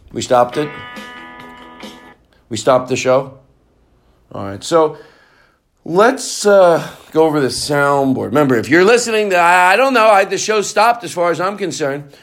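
A man's voice: a little high, very animated, normal speed, pauses often, soft background music. A man hosting his own show, rambling and cursing in loose comedic banter, now and then singing off-key. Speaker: show host.

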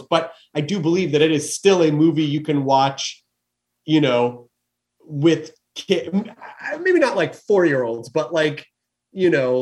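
A man's voice: on the high side, darkish tone. A man hosting a podcast interview, chatting casually and rambling with frequent laughs. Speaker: podcast host.

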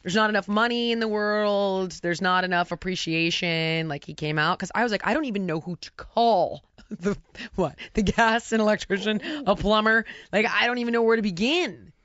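A woman's voice: mid-range voice, moderate pace, a bit bright, dry recording. A woman co-hosts a casual podcast chat and tells her story with animation, acting out the lines of the people in it. Her voice sits mid-range. The audio is dry and somewhat dull. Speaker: podcast co-host.

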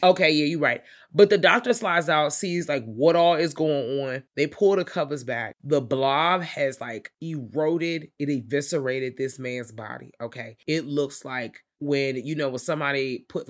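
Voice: medium pitch, moderate pace, hardly any pauses. Casual podcast co-host, loose profane recap. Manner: loose, profane film recap with voiced quotes. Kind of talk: casual chat.

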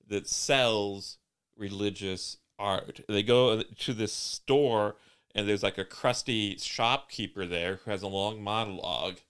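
Male podcast co-host, smooth clear voice, wry deadpan recapper. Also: on the low side. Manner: dry, wry storytelling with deadpan teasing. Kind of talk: casual chat recapping a TV episode.

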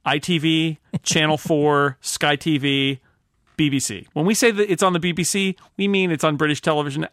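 A man's voice: on the high side, steady tone, normal speed, fairly bright tone, dry recording, studio quality. Joking American podcast host man. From United States. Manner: jokey, mock-pompous rants with laughs. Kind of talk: casual panel chat.

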